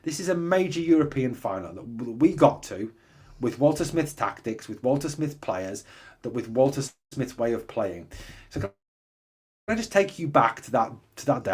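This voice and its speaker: A man hosts a live fan podcast, reading comments and chatting with listeners. His medium-pitched voice is darkish with a breathy edge, and he speaks emphatically, repeating points and posing rhetorical questions.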